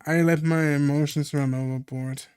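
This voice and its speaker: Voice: mid-range voice, steady tone, moderate pace, a little mellow, smooth. A streamer reading a visual novel aloud in an earnest, emotional way.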